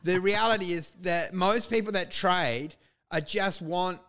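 A man co-hosting a comedy podcast, swearing freely and bursting into shouted impressions. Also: high voice, a little slow, clean tone. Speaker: podcast co-host. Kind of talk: casual comedic chat.

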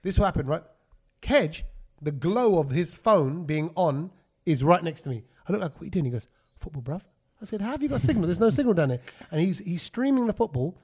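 A man hosting a casual podcast chat, telling an animated story and acting out his friends' lines. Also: high-pitched, a little fast. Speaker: podcast host.

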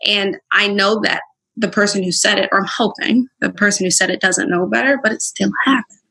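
A woman's voice: medium pitch, brisk, gravelly, husky. A young woman, a podcast guest, talking bluntly and frankly in a candid conversation. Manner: blunt, straight-talking, animated. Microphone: Instagram live stream.

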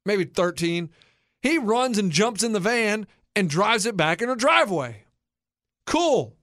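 High-pitched guy in his 30s telling a story, animated, does all the voices, dry close sound. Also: a little slow, no room sound. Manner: animated, acts out quoted voices. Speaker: podcast host. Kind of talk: casual storytelling chat.

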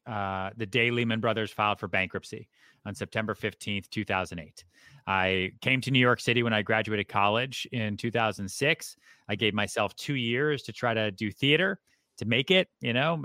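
A man's voice: mid-range voice, no echo. A man in his thirties, a guest in a casual interview, telling stories with lots of energy. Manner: energetic, animated storytelling. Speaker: guest, real estate broker.

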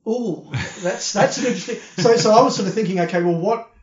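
Australian man, fairly high voice, casual podcast chat, opinionated, echoey dull room recording. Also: fast talker. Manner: chatty, opinionated, repeats words when starting. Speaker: podcast co-host. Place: hotel room.

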